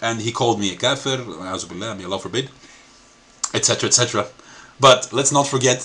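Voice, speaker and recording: A man's voice: mid-range voice, fast, noisy background. A man hosting a video reaction commentary, laughing often while he talks and mixing American and British accents. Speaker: channel host.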